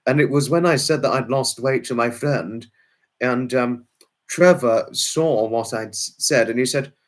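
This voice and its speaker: In an unhurried, mid-range voice, a man streaming live responds to comments from his viewers. The chat is casual but rambling and fussy, with plenty of restarts and exclamations.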